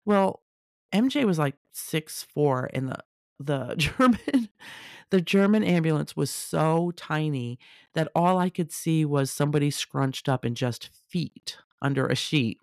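A woman telling a personal story casually, animated, acting out the people she quotes. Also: sits low, unhurried, no echo, studio quality. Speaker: storyteller sharing a personal testimony.

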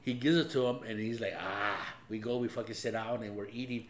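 A man's voice: medium pitch, steady tone, fast, a little mellow. Profane storytelling SoCal man, echoey room. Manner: profane storytelling, laughs often. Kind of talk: casual chat. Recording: echoey room with faint hum.

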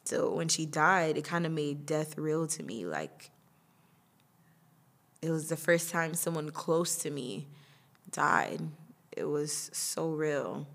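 A woman's voice: low-pitched, expressive, slow pace, vocal fry, pauses often, fairly bright tone. Chatty young woman hosting a podcast. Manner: chatty, laughs often, acts out quoted voices. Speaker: podcast host. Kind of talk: casual personal monologue.

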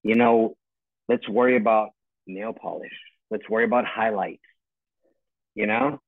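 A man's voice: fairly low pitch, big pitch swings, measured pace, vocal fry, dry recording. A man in his forties, a retired army first sergeant, ranting bluntly and with plenty of swearing in casual chat over a call from home. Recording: tinny phone-like call line.

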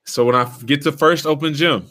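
Animated storytelling young man. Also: fairly high pitch, fairly quick. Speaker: podcast host, former player. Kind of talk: casual storytelling chat.

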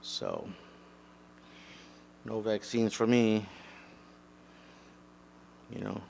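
A man's voice: fairly low pitch, huge pitch swings, drawn-out words, vocal fry, darkish tone, slight background noise. A man giving a solo opinion monologue, rambling and blunt, with profanity and frequent restarts. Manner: mocks imagined critics in a raised mocking voice. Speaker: podcast host.

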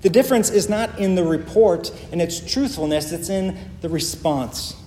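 High-voiced man preaching in an echoey hall. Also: lively intonation, dark tone, slight background noise. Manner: earnest, emphatic preaching with pauses. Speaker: pastor. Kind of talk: sermon. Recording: echoey hall with faint ambience.

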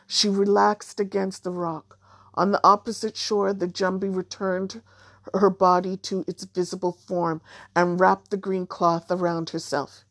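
Slow, measured woman storybook narrator. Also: lowish voice, no echo, clean studio sound. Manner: measured, even reading. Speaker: audiobook narrator.

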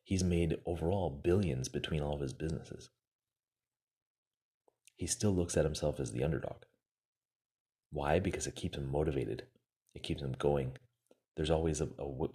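A man's voice: extremely low pitch, a little mellow, husky. A man casually retelling a success story to motivate his listeners, acting out the quoted lines and using many fillers.

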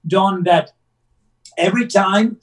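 High-voiced man, a bit off-mic. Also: slow pace, far from the mic, rough recording. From Italy. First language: Italian. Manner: earnest, methodical explainer. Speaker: actor guest. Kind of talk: casual interview chat.

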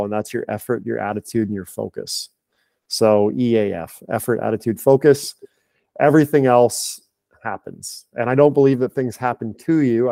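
Thirties male coach, low-pitched, casual rambling podcast talk, dry close sound. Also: gravelly, darkish tone, dry recording. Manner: candid, rambling, frequent fillers and restarts. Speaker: high performance director and strength coach.

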